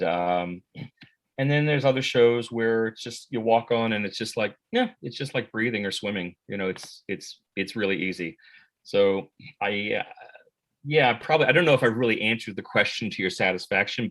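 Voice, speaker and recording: An American man who works as an actor and voice actor, answering interview questions in a relaxed, rambling way with many fillers and restarts. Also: on the low side, moderate pace, rough recording. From United States.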